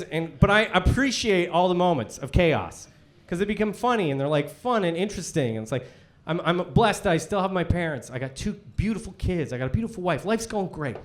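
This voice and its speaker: A man in his forties doing a high-energy stand-up set on stage before a live audience, ranting with shouted punchlines. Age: 40s. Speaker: stand-up comedian.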